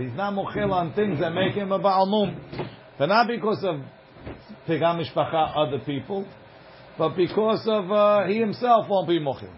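Man, study lecture, chants text then explains casually, slightly high pitch, muffled recording, faint background hiss. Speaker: Talmud teacher.

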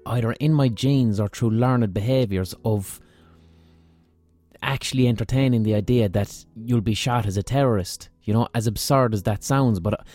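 A man's voice: medium pitch, normal speed, dark tone, faint music behind. An Irish man hosting a podcast, telling a rambling, profane, self-mocking story in a casual monologue. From Ireland. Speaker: podcast host.

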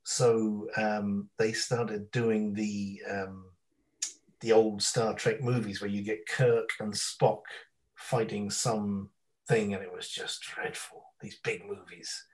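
A man chatting casually as a podcast guest, telling rambling stories with lots of ums and quick impressions. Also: on the low side, flat delivery, low-quality recording.

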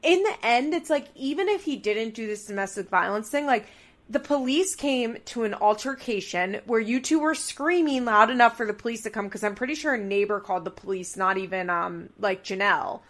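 A woman co-hosting a casual podcast, chatting loosely with lots of fillers as she reasons out loud. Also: fairly high pitch, fairly quick. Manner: chatty, many fillers, talks through hunches. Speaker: podcast co-host. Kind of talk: casual chat.

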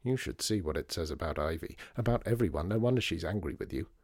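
A man's voice: deep voice, animated, fast, darkish tone, husky, no room sound, studio quality, voice pushed down. A man voicing a blunt, matter-of-fact older man who is a friend of the family.

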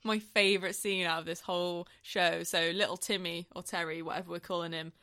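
A woman's voice: lowish voice, fairly even intonation, a little fast, sharp tone, dry recording, clean studio sound. A woman co-hosting a podcast, recapping a TV episode with playful banter and frequent laughter. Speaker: podcast co-host. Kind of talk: casual chat recapping a TV episode.

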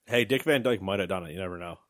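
A man's voice: sits low, fast, no echo, clean studio sound. A young man co-hosting a casual gaming podcast, joking and rambling with sarcastic asides, hiccuping now and then. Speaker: podcast co-host. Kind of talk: casual chat.

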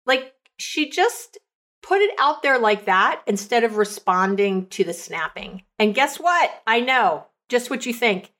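A woman coach hosting an advice podcast, retelling client stories in a chatty, animated way. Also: a little high, measured pace. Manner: lots of "like" and "you know" fillers.

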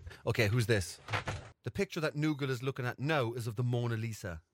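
A man's voice: medium pitch, quick pace, noisy background. A man hosting a casual quiz, blunt and teasing, swearing freely at his friend. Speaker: quiz host. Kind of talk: casual banter among friends.

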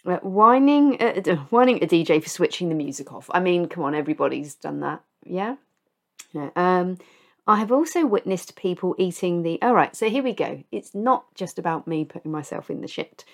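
A woman's voice: fairly low pitch, animated, moderate pace, vocal fry. A middle-aged woman hosting a podcast, confessing old misadventures in a casual, self-mocking way and laughing at her own stories. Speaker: podcast host.

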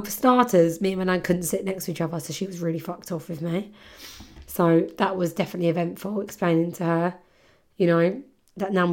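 A young woman, hosting a podcast and telling a story in a casual, chatty way, full of swearing and fillers. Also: mid-range voice. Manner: chatty, swears freely, lots of "like". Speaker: podcast host.

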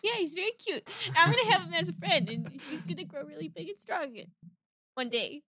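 A woman's voice: very high-pitched, expressive, fairly quick, sharp tone. A woman player in a tabletop game, chatting playfully and laughing often. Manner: giggly and playful. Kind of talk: casual play chat.

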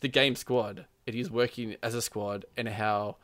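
A man's voice: on the low side, fairly even intonation, a little slow, a bit bright, no room sound. A man telling a gaming story in casual chat, rambling with lots of "like" and frequent laughs. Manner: rambling, says "like" constantly, laughs often, acts out quotes.

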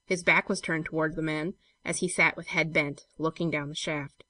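A woman reading a classic story aloud in a measured, steady way. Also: sits low. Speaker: narrator.

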